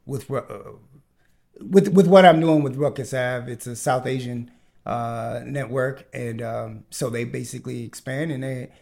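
A man's voice: medium pitch, measured pace, creaky, a little mellow. A man hosting a casual podcast chat, talking with many fillers and restarts. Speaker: podcast host.

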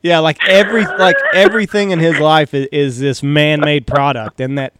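A man's voice: a little high, fairly even intonation, normal speed, background noise. A man appearing as a podcast guest, chatting and joking casually and often repeating words as he starts a thought. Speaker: guest, game call maker. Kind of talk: casual chat.

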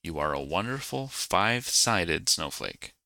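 A man voicing a cheerful, curious little boy snowflake in a storybook, eager and excitable. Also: sits low, measured pace, gravelly, no echo, heavily acted.

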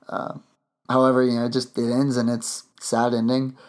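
A man's voice: medium pitch, monotone, normal speed. A man hosting a podcast, chatting casually and rambling with lots of fillers and restarts. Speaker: podcast host.

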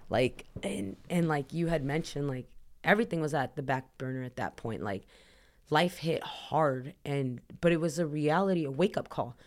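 A woman's voice: low-pitched, expressive, moderate pace. Woman, podcast guest; earnest, rambling storyteller who leans on "like" fillers. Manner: earnest, emotional retelling. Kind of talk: personal storytelling in a podcast interview.

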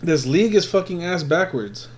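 A man's voice: on the high side, expressive, normal speed, a little mellow, soft background music. A man telling crude stories in casual chat, swearing constantly and rambling with many restarts. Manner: profane, rambling, restarts a lot.

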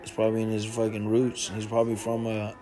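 A man's voice: on the low side, monotone, fast talker, music in the background. A man hosting a casual podcast chat, laid-back and slangy, swearing freely. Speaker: podcast host.

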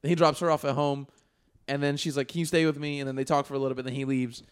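A man's voice: mid-range voice, clean tone. A man co-hosting a podcast, casually retelling a movie plot with crude slang. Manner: animated, fast storytelling with crude slang. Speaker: podcast co-host.

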